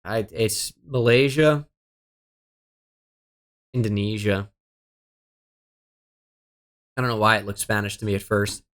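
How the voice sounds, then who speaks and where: A man's voice: lowish voice, fairly even intonation, slow, long pauses, fairly bright tone. A young man giving casual running commentary while playing a geography guessing game, muttering his guesses and cursing his luck with self-deprecating, exasperated remarks. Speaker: gaming streamer.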